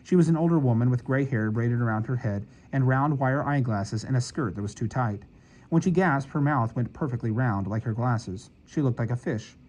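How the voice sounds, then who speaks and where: A man reading a novel aloud as an audiobook narrator, in measured storytelling. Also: mid-range voice, a little mellow, low-quality recording. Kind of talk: scripted narration.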